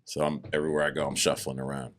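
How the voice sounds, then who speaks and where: A man's voice: a bass voice, rapid-fire, a little hiss or hum. A man recounting his own story as a podcast guest, earnest about his faith and acting out the words of others as he goes. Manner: animated, acts out other people's words in raised voices; earnest, religious testimony. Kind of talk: personal storytelling in conversation.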